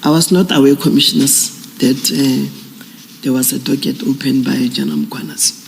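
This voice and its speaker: A man, a police general testifying formally at an inquiry in a halting, measured way with frequent fillers. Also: medium pitch, steady tone, vocal fry, big-room sound, a little hiss or hum, poor audio.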